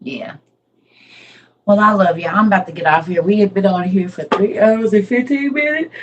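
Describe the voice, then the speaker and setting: A middle-aged woman hosts a relaxed livestream, talking straight to her viewers. She laughs easily and answers comments by name. Her voice sits a little low. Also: moderate pace, pauses often, highs cut off. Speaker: livestream host. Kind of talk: casual livestream chat with viewers.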